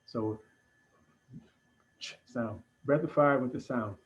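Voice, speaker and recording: Male breathwork instructor, measured guiding delivery, mid-range voice, muffled stream sound. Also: medium pitch. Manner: calm, deliberate instruction with pauses. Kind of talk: guided breathing lesson.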